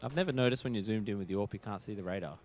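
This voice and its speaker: A man's voice: fairly low pitch, darkish tone. A man commentating a live esports match, joking and teasing his co-caster. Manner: joking, self-mocking, quick asides. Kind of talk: live game commentary, banter. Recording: noisy game sounds behind.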